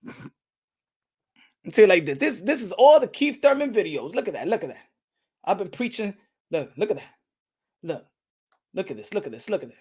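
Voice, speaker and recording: High-voiced excitable profane man. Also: normal speed, pauses often, husky. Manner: excitable and profane, swinging between shouting and muttering; mixes in Spanish words. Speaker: boxing channel host. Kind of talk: live-stream boxing commentary.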